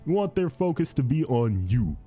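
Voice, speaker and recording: Young male podcast host, mellow and animated, casual commentary with faint music behind. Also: mid-range voice, normal speed, husky. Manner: repetitive, animated, says "dude" and "fiendish". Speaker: podcast host reading advice posts.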